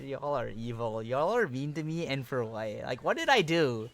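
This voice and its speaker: A young man hosting a casual live stream, chatting excitedly with viewers, swearing and laughing as he reacts to chat. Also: medium pitch, moderate pace, few pauses. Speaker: livestream host.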